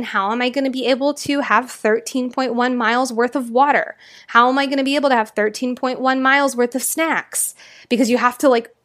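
A woman's voice: a little high, a bit bright. A young adult woman hosting a motivational podcast, talking in an earnest, emotional and gushing way. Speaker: podcast host.

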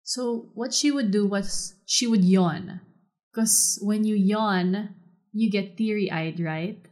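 A woman hosting a solo podcast and telling a personal story in a soft, reflective way. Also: medium pitch, slow pace. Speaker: podcast host.

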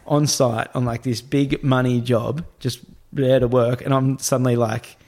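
Animated Australian man telling a story. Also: mid-range voice, unhurried. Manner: animated, acts out other people's voices, swears freely. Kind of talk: casual storytelling chat.

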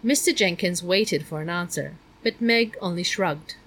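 A woman narrating a children's novel in a measured, even storytelling manner. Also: lowish voice, low-quality recording. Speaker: audiobook narrator.

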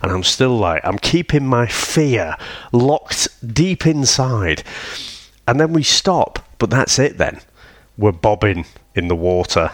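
A man's voice: mid-range voice, very animated, slow pace, no echo, studio quality. A man, telling stories on a casual podcast, swearing freely and laughing often. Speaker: podcast co-host. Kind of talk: casual chat.

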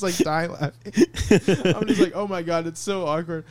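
A man's voice: on the high side, brisk, hardly any pauses, dry recording. A man casually telling a long rambling story on a podcast, laughing through it. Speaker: podcast co-host.

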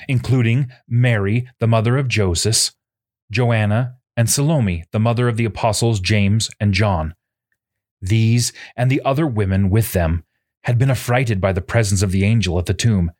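A man giving scripted narration, reading formal scriptural prose in a solemn, measured way. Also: on the low side, darkish tone.

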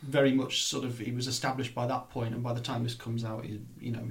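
A man's voice: mid-range voice, flat delivery, fast talker. A man in casual film discussion who rambles and hedges with "sort of".

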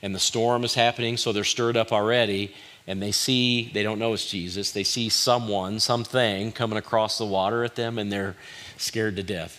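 Bright-voiced male pastor preaching. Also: on the low side, fairly even intonation, normal speed. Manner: conversational preaching with rhetorical questions, acts out quotes. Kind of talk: sermon.

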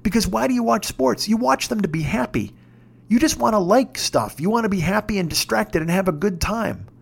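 A man's voice: high voice, lively intonation, fairly quick, vocal fry, husky. A man in his fifties telling a rambling, profane story in a casual rant, getting more and more worked up. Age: 50s. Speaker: podcast host.

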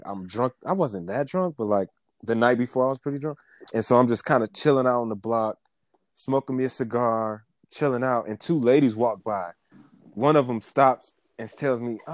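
A young man co-hosting a podcast, telling a rambling, animated story with laughs and a lot of swearing. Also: mid-range voice, no echo. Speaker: podcast co-host. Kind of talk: casual chat.

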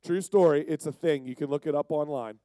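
A man's voice: a little high, brisk, warm tone, no room sound. A man from Pennsylvania giving a casual, jokey, rambling storytelling sermon. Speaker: youth speaker.

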